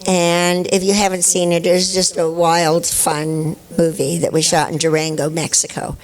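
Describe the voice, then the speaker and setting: Older woman, lower-pitched voice, chatty anecdotes with laughs, convention panel guest. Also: flat delivery, normal speed, low-quality recording.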